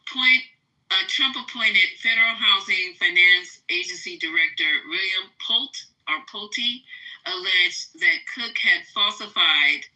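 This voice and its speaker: A man hosting a casual livestream, reading a news article aloud with halting pauses and fillers. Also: high-pitched, animated, sharp tone, poor audio. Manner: blunt, profane banter with callers. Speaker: livestream host.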